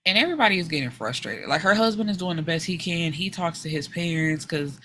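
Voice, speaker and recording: A woman hosting a book podcast, casually retelling a story in an animated, frank way, slipping into the characters' lines and swearing now and then. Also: fairly low pitch, fast, a little hiss or hum.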